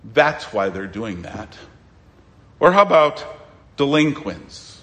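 A man preaching a sermon as pastor, emphatic, with dramatic pauses and sudden quiet asides. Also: mid-range voice, very animated, big-room sound.

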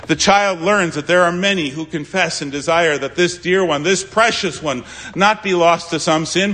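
A man preaching a sermon as a pastor, pleading and swinging between loud appeals and hushed asides. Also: on the high side.

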